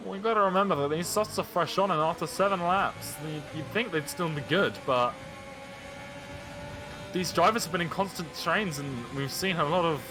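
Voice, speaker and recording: A man's voice: a little high, normal speed, over music. A man giving color commentary on a sim-racing league race, breaking down moves and tyre strategy. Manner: analytical, follows onboard cameras.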